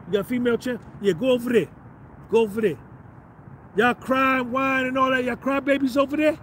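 Blunt, high-voiced man ranting. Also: fairly even intonation, a little fast, fairly bright tone, slight background noise. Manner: blunt, confrontational, slangy. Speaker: podcast host. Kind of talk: ranting monologue.

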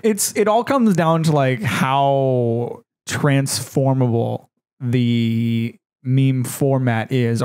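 A young man co-hosting a podcast, chatting casually and tossing in quick jokes. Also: mid-range voice, darkish tone, clean tone. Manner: joking, wisecracking. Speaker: podcast co-host. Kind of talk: casual chat.

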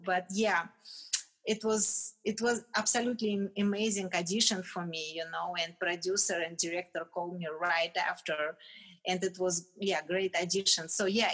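Woman, English, mid-pitched voice, frequent restarts, casual interview guest. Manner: animated, restarts often, laughs between phrases. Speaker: guest, retired fitness champion.

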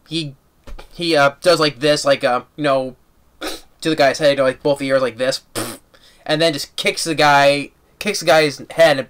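A man giving a casual, rambling movie review and recapping the plot excitedly with lots of restarts. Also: a little high.

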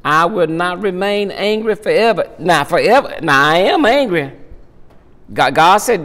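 A man's voice: high voice, lively intonation, a little slow, a bit bright. A middle-aged male pastor teaching a Bible study, emphatic, repeating his words and swelling into impassioned peaks. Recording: long reverb of a large hall.

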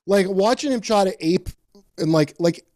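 Ranting, swearing podcast host, fairly high. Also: male voice, expressive, moderate pace, a little mellow, no room sound, clean studio sound. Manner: profane, ranting opinions. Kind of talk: casual chat.

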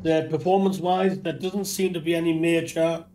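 Geordie man, croaky from flu, casual gaming host, lots of ums, faint background noise. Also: fairly high pitch, moderate pace. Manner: relaxed, rambling with many ums. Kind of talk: casual game commentary.

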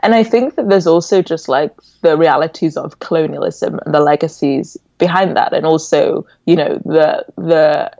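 A woman in her twenties with an English accent, raised in England after a Nigerian birth, telling stories as a podcast guest in an animated, reflective way. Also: low-pitched, dry recording. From born in Nigeria, raised in England. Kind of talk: casual interview chat. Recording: dull, dry lo-fi audio.

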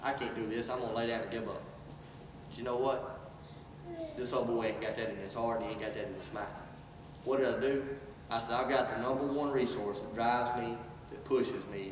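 A man's voice: medium pitch, noisy background. A man giving an inspirational speech, preaching with call and response that rises to emphatic peaks. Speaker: motivational speaker. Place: large hall. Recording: echoey hall from far off.

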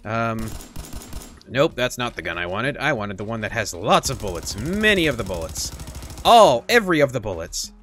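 A man's voice: medium pitch, sing-song, normal speed, a bit bright. A man hosting a gaming channel, giving playful, joking gameplay commentary in a chatty way.

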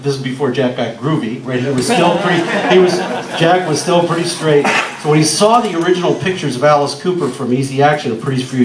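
An older man from Canada telling a lively story at an event, laughing and acting out the people he quotes. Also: mid-range voice. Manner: animated, laughing, acts out quoted voices. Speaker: guest speaker telling a story. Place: music club, indoors. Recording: echoey club from far off.

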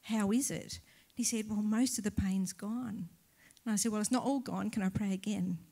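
A woman's voice: mid-range voice, normal speed, gravelly, dark tone. A middle-aged Australian woman pastor telling a testimony story live in church, acting out the dialogue and laughing often.

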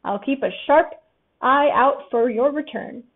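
Woman doing a chirpy old owl, fussy and high, for a storybook, tinny audio. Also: a little slow. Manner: cheery, fussy.

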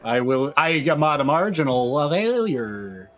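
A man's voice: fairly high pitch, sing-song, unhurried, dull audio, noisy background. A man playing a tabletop game, speaking in grandiose in-character phrasing broken up by fillers and laughs. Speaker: player.

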